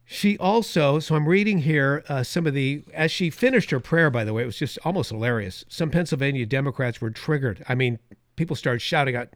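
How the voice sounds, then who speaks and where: A man's voice: mid-range voice, fairly quick, dry recording, studio quality. Emphatic talk radio host, man. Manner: emphatic, repetitive, sarcastic asides. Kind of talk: opinionated talk radio monologue. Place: radio studio.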